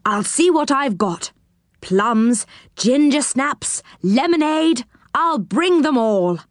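A woman's voice: sits high, lively intonation, slow, no room sound, clean studio sound, pitched above the performer's own voice. A woman voicing a sensible male magical tree dweller. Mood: matter-of-fact.

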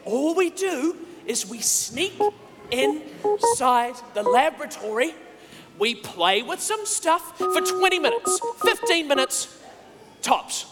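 Slow-talking high-voiced man coaxing kids. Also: big pitch swings. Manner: coaxing, chatty, invites audience to join in. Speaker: children's show presenter. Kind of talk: playful make-believe for kids. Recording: reverberant room with music.

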